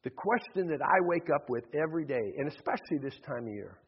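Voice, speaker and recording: Male pastor, husky voice, sermon with acted-out voices, dull sound, long hall reverb. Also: a little high, animated, fast talker. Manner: acts out voices in stories, shifts between shouting and hushed tones. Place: church sanctuary.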